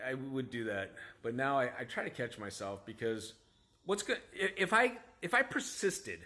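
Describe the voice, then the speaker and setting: A man's voice: a little high, very animated, moderate pace, bright, forceful tone. A man, a father, casually telling a story to camera in a rambling, self-critical way, full of restarts and asides. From United States. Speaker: vlogger, father.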